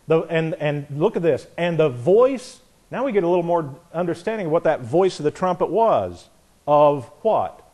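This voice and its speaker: Lively preacher teaching from the Bible. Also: male voice, on the high side, moderate pace. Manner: animated, acts out voices and laughs at his own points. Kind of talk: expository Bible sermon.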